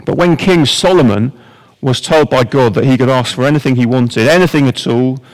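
A man's voice: medium pitch, normal speed, in a large hall, poor audio. Man preaching with wry rhetorical questions. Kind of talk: sermon.

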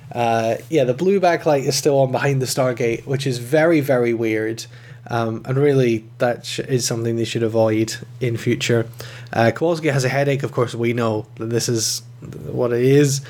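Guy reviewing an episode casually, lots of uhs, gets excited. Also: medium pitch. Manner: conversational, with frequent fillers and enthusiastic rises. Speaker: podcast host reviewing episodes.

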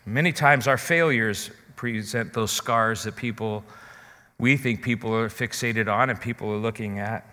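A man's voice: fairly low pitch, moderate pace, sharp tone, in a large hall. A man preaching a sermon as pastor, talking earnestly and straight to his listeners. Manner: earnest, direct address to listeners.

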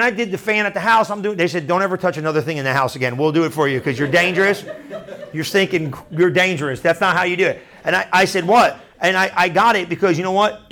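A man pastor preaching a sermon through a story, chatty and animated, often asking the crowd "right?". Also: high-pitched.

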